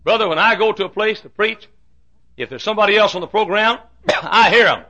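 A man preaching a fiery sermon, swinging from shouts to hushed asides. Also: high-pitched, brisk. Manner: fiery preaching with sudden shouts and drops to quiet. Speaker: pastor.

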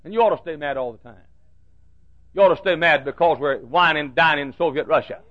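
A man preaching a fiery fundamentalist sermon, swinging from hushed asides to shouted warnings. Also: on the high side, a little fast. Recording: dull lo-fi old recording.

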